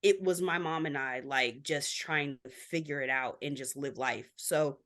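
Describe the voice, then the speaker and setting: Candid woman with a lower voice telling her story. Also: unhurried, a bit bright. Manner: many filler likes. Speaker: podcast guest. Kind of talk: casual interview chat.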